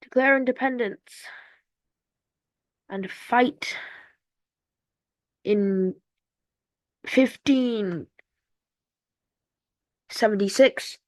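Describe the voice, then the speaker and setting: Slow, rambling woman narrating gameplay. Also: a little high, no echo. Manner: rambling, playful, with sound effects and asides. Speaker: strategy game commentator. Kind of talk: casual gameplay commentary. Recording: dull lo-fi dry recording.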